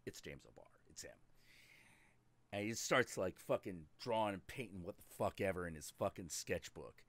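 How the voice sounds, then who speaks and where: Profane, animated male stream host. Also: low voice, normal speed, dry recording. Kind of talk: casual storytelling on a live stream.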